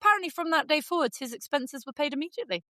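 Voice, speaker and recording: A middle-aged woman co-hosts a podcast with a teasing, joking manner. Her voice sits a little high and is recorded close with no echo. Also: lively intonation, sharp tone. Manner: teasing, quick with a joke. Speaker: podcast co-host. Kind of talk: casual chat.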